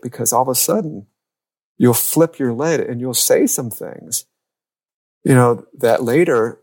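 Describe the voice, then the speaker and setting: This man speaks with a gravelly, creaky edge on a podcast. He tells stories in a lively way and slips into quoted voices. His pitch sits in the middle range. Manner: lively storyteller who acts out quoted lines. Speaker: youth and family coach. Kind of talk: podcast conversation.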